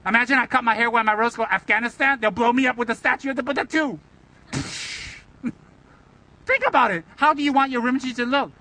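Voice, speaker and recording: High, bright-voiced playful Buddhist teacher. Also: male voice, brisk, pauses often, low-quality recording. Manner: playful, teasing, rhetorical questions. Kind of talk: Dharma talk.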